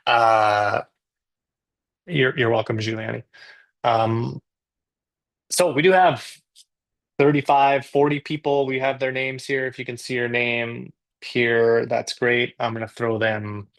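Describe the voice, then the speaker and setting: Canadian man, gravelly low rasp, mid-pitched, chatty joking teacher, live class banter. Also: fairly even intonation, slow, pauses often, a bit bright. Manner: chatty, joking, self-deprecating. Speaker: English teacher. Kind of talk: casual live class talk.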